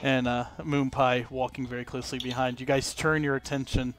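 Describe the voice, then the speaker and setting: A man's voice: medium pitch, a little fast. A man running a tabletop game as game master, narrating loosely with many fillers. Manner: relaxed, filler-heavy narration.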